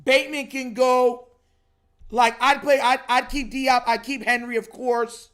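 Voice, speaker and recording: Young male streamer, very high pitch, frustrated slangy rant. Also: level tone, a little slow, a bit bright, clear, resonant tone. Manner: frustrated, repetitive, slangy, says bro constantly. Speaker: livestream host reacting to a football game. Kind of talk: casual livestream rant.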